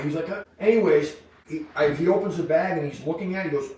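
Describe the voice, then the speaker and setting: A middle-aged man, telling lively stories on a podcast and acting out the voices of the people in them. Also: sits high, fast. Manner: animated storyteller, acts out quoted voices. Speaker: podcast guest. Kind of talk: storytelling in casual chat. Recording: echoey room, distant mic, faint noise.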